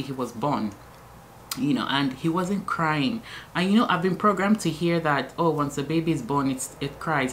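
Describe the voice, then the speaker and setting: A woman's voice: low-pitched, a little hiss or hum. A woman vlogger and new mother telling her story in a chatty way, with many fillers and restarts. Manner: chatty, many fillers and restarts, animated when reliving moments. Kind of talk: casual vlog storytelling.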